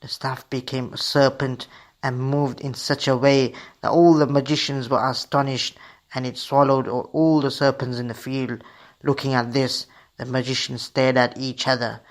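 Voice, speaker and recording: A man hosting a radio program, telling a religious story to children in a steady reading voice with occasional slips. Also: medium pitch, moderate pace.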